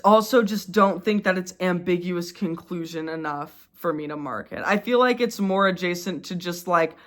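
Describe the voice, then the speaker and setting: A young woman vlogging casually, ranting in an exasperated, animated way with lots of fillers. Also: medium pitch. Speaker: YouTuber. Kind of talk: casual vlog commentary.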